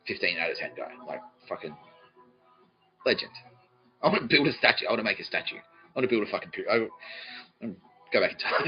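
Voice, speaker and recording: A man with a lowish voice rambles through a comedic podcast monologue, swearing freely and breaking into laughter between phrases. The recording is dull and lo-fi, with faint music underneath. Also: gravelly. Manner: profane, rambling, often laughing mid-sentence. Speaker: podcast host.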